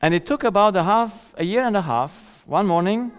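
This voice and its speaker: A man's voice: high voice, expressive, normal speed, clean tone, long reverb tail. A man giving a seminar lecture in a conversational way, often checking in with "yeah?" and chuckling at his own stories. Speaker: seminar speaker.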